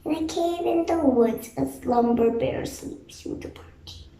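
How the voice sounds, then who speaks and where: A woman reading a children's picture book aloud in a slow, deliberate manner. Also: high voice, vocal fry, warm tone, reverberant. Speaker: storybook reader.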